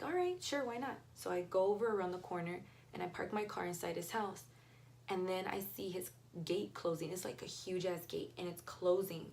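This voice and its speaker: A woman's voice: on the low side, darkish tone, a little hiss or hum. A young woman retelling a story in a casual, blunt and profane way, acting out the dialogue. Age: young adult. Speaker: vlogger.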